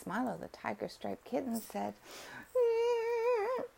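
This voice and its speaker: Woman, bedtime storyteller: slow, soft, whispery, melodic, a touch of vocal fry. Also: a little high, expressive, a little hiss or hum.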